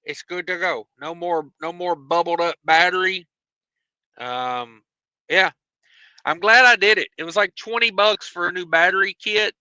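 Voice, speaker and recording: Joking trucker with a high bright voice. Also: male voice, normal speed, clear, resonant tone, no echo, low-quality recording. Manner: loose and joking, many fillers and asides. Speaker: trucker hosting a livestream. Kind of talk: casual livestream chat, reading viewer comments. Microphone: phone.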